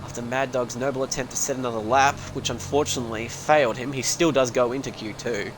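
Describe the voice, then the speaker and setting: Aussie guy doing sim race commentary on stream, rambly and jokey, mid pitch voice, bit of faint noise behind. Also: fairly even intonation, fast. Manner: chatty, rambling, joking asides.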